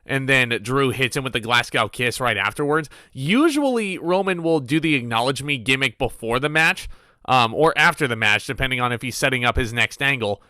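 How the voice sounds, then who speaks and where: A man's voice: medium pitch, lively intonation, a little fast, pushed and bright, dry recording, studio quality. A man from Wales as guest co-host in a casual wrestling review chat, easygoing and chuckling along. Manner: easygoing, chuckles along, short agreeing replies.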